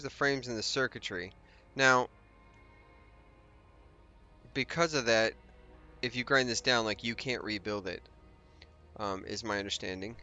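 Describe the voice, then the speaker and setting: A man's voice: medium pitch, sharp tone. A man hosting a let's play, giving casual gameplay commentary and thinking aloud as he rambles through his plans with restarts and asides.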